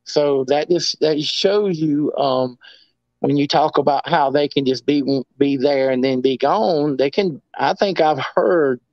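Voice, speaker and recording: A man's voice: fairly high pitch, unhurried, no room sound. Rambling man on a dull lo-fi line. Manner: rambling, many restarts and "I mean". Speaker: guest. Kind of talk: casual storytelling.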